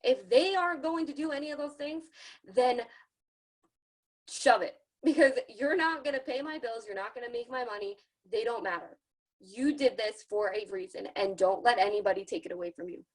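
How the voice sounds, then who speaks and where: A woman's voice: on the high side, moderate pace, poor audio. A woman leading an online sales training, talking casually and encouragingly, often acting out what other people say. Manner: chatty, encouraging, acts out other people's lines. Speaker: team leader giving a sales training. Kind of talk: casual motivational training talk. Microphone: video call.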